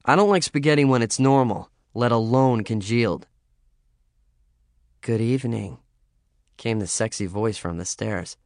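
A man reading a first-person story as an audiobook narrator, in a measured, understated way. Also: mid-range voice, dry recording, clean studio sound.

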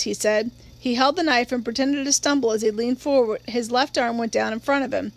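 A woman narrating a novel in a measured, steady storytelling voice. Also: fairly high pitch, gravelly. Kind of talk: audiobook reading of a novel.

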